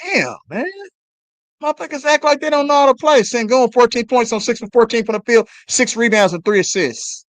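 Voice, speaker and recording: A man calling a basketball game live as a fan on a stream, swearing and yelling at the players between play-by-play. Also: very high-pitched, brisk, no room sound. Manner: excited, profane trash talk at players. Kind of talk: fan play-by-play watch-along.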